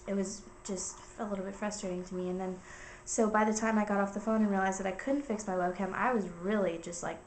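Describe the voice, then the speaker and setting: A woman's voice: medium pitch, gravelly, a little hiss or hum. A young woman vlogging from home, telling a long story in a rambling, filler-heavy way. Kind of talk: casual chat. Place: indoors at home. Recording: roomy echo.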